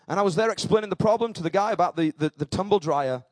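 A man preaching in church, telling a personal story and building to fervent, shouted exclamations. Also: high-pitched, fast, no room sound.

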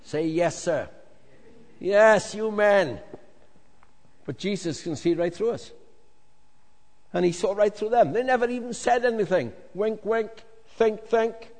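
A male pastor preaching a lively sermon to a congregation, with jokey asides, swinging from loud to hushed. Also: high voice, measured pace, long pauses. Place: large hall with congregation. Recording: long reverb of a large hall.

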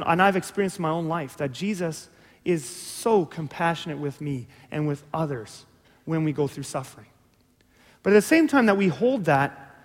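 High-voiced pastor preaching in a hall. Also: male voice. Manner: impassioned preaching, swings from quiet to loud. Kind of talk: sermon. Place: church.

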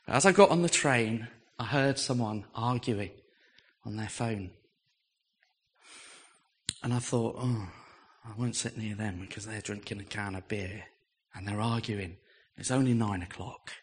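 An English man preaching, telling a personal story with lively, animated delivery and acting out the voices he quotes. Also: fairly low pitch, measured pace, pauses often. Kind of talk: storytelling sermon.

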